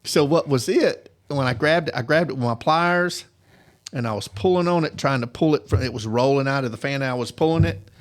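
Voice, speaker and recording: A man's voice: mid-range voice, a little fast. A man telling work stories in a casual chat, acting out quoted voices and laughing often. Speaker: appliance technician telling stories.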